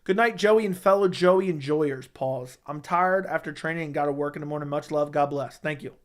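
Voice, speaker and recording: Young man, livestream host, laid-back, low-key, swears a lot, slightly high voice. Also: a little fast. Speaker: livestream host reading chat. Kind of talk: casual livestream chat.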